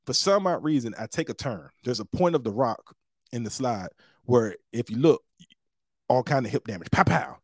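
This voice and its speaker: A mid-pitched man tells a story on his podcast in a loose, animated way. He leaps up in pitch when he acts out what other people said. The sound is dry and close to the mic. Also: normal speed, slightly rough, no echo. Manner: animated, acts out quotes with big pitch jumps. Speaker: podcast host. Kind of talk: casual storytelling.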